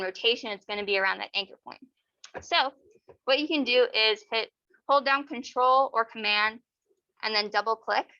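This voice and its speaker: A young woman leading a casual online software workshop, explaining step by step with many fillers. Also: a little high, no room sound, highs cut off. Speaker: workshop instructor. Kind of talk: software tutorial over screen share.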